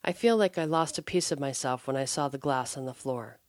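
A woman's voice: very deep voice, brisk, dry recording, soft background music. A woman voicing an upset mother of three young boys, speaking in a dry, close-up reading voice. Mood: regretful. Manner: cries out, then turns soft and regretful.

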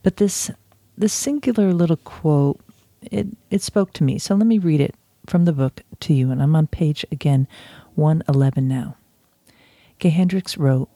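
A man's voice: fairly high pitch, normal speed, warm tone, no room sound. A man talking casually from his office, teaching a lesson about breathing and sometimes mocking himself as he demonstrates. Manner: chatty and self-mocking, demonstrates chants aloud. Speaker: author and instructor.

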